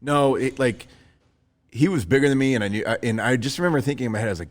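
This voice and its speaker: A man in his thirties speaks quickly at a medium pitch as he co-hosts a podcast. His casual storytelling is lively, and he does impressions of everyone he quotes.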